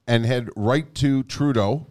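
A man's voice: medium pitch, takes it slowly, a little mellow. A man co-hosting a podcast asks a guest brief, curious follow-up questions. His questions are short and conversational. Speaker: podcast co-host. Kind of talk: interview questions.

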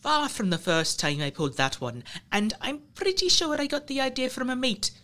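A man's voice: very high voice, very animated, normal speed, pushed and bright, pitched above the performer's own voice, exaggerated voice. A man voicing a cruel, chatty trickster ranger who tells stories gleefully and slips into other people's voices. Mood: breezy. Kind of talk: audio drama acting.

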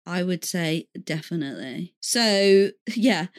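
A woman's voice: on the low side, animated, slow pace. A young woman co-hosting a podcast, telling stories in a chatty way and laughing often. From England. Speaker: podcast co-host. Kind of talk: casual chat.

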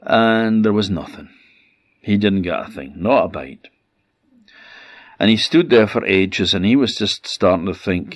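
A man with an Orkney accent telling a folk tale in a measured, repetitive way, with dramatic pauses. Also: fairly low pitch, dry recording, highs cut off. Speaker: storyteller.

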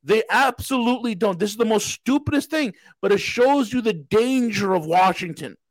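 Blunt, sarcastic male host, high voice, dry recording. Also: expressive, normal speed, no room sound, poor audio. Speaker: show host. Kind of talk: heated political talk.

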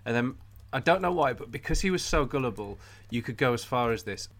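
A man's voice: medium pitch, lively intonation, brisk, a bit bright. A man on a podcast, telling a school story in casual chat and laughing often.

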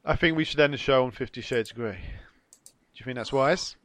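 A man's voice: medium pitch, a bit bright. A man co-hosting a comedy podcast, teasing and laughing as he chats casually. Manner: giggly, teasing, drawn-out. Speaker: podcast co-host.

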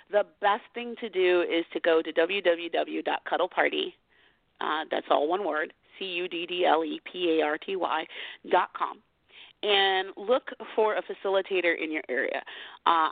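A woman's voice: on the low side, creaky, no room sound. A woman guest on a phone-in radio talk show, explaining cuddle party facilitation in a chatty, friendly way with frequent laughs. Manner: warm, chatty, laughs often, repeats details slowly. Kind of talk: casual phone interview. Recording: tinny phone line, dry.

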